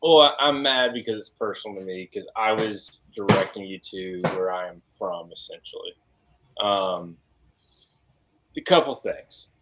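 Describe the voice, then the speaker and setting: A man's voice: fairly low pitch, measured pace, very noisy. A man co-hosting a podcast in casual chat, reading aloud and making emphatic points. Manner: animated, reads aloud, emphatic. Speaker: podcast co-host.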